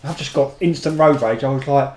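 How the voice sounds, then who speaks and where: Podcast co-host, man, quick sweary storyteller, roomy echo. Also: mid-range voice, a little mellow. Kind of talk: casual chat.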